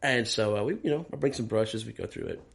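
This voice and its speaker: A man with a low, gravelly voice tells loose backstage stories as a guest drummer. He talks casually and curses often. He slips into the voices of the people in his stories. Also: fast talker. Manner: animated, profane, acts out quoted dialogue. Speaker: touring and session drummer, guest. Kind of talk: casual storytelling interview.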